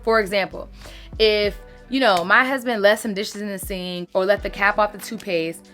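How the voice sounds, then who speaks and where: Woman, 30s, casual emphatic vlog talk, mid pitch. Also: fairly even intonation, normal speed, a bit bright, faint music behind. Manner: chatty, emphatic, uses "sis" and "baby". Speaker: lifestyle content creator. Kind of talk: casual advice talk to followers.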